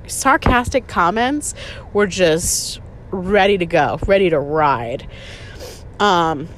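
A woman in her thirties talks through a story in loose podcast chat, sarcastic and peppered with "like" and the odd swear. Her voice sits at an ordinary middle pitch. A faint hum runs underneath. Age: 30s. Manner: chatty, sarcastic, swears freely, fond of "like". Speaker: podcast host. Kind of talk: casual storytelling monologue.

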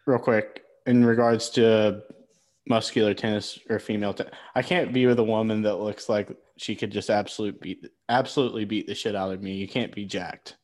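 A man with a lowish, darkish voice and fairly even intonation co-hosts a casual podcast chat at a moderate pace. He cuts in with jokes and teases his friend.

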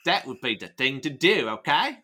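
A man voicing a menacing male crime boss with an overdone, deliberately bad Cockney impression, reading aloud for comic effect. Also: mid-range voice, sing-song, pushed and bright.

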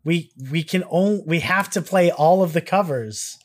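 A man's voice: a little high, expressive, moderate pace. Laid-back man co-hosting a reaction chat. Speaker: co-host.

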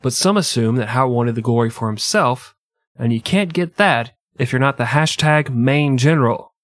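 A man's voice: mid-range voice, expressive, normal speed, fairly bright tone, no room sound, clean studio sound. A young man co-hosting a casual comedy history podcast, telling the story with crude jokes and frequent laughter. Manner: joking, crude, laughs often. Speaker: podcast co-host narrating history.

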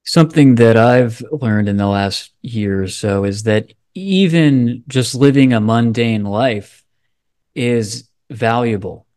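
A male podcast host speaking in a reflective, measured way in a casual interview. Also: mid-range voice, darkish tone, no echo, clean studio sound.

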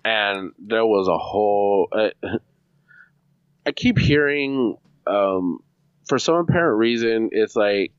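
A man co-hosting a casual podcast, talking in a halting way with many restarts and occasional swearing. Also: fairly low pitch, expressive, clean tone, no room sound, lo-fi sound. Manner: halting, restarts often, swears when flustered. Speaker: podcast co-host. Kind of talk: casual chat.

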